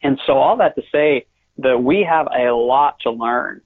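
Gravelly man on a tinny line. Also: mid-range voice, unhurried. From United States. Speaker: guest author. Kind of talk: conversational interview. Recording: tinny phone-line audio.

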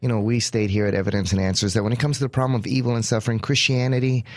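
A man's voice: mid-range voice, fairly even intonation, very fast, no echo, studio quality. A man hosting a Christian apologetics interview, earnestly summing up a point. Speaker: host of a Christian apologetics show.

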